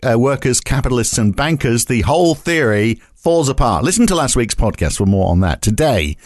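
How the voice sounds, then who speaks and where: A man's voice: medium pitch, big pitch swings, fairly quick, no room sound, clean studio sound. A man hosting a podcast in a casual, jokey way, with many fillers. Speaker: podcast host.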